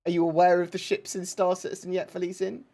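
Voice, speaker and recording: A man's voice: sits high, little pitch movement, fast talker, vocal fry, mellow. A man hosting a casual livestream chat, talking in rambling, self-interrupting bursts. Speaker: livestream host.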